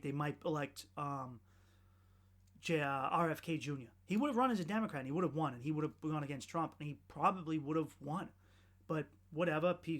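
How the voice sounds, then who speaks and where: Ranting profane podcast host. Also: male voice, a little high, a bit bright. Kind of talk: casual profane monologue.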